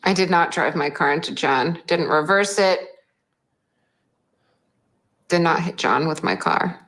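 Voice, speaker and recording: A woman's voice: low voice, a little slow, fairly bright tone. A woman with a Massachusetts accent giving an interview, denying accusations in an emphatic, earnest, exasperated way. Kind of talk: recorded TV interview.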